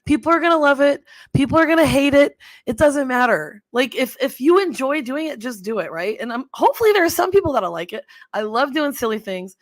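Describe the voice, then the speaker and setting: A woman's voice: high-pitched, expressive, fairly quick, dry recording. A middle-aged woman hosting a casual livestream, chatty and rambling, laughing often as she fumbles with her settings. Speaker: livestream host.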